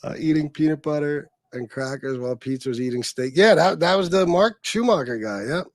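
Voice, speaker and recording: A man's voice: a little high, lively intonation, fairly quick, no room sound, clean studio sound. A man hosting a casual livestream, talking bluntly and crudely and rambling with lots of fillers. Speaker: livestream host.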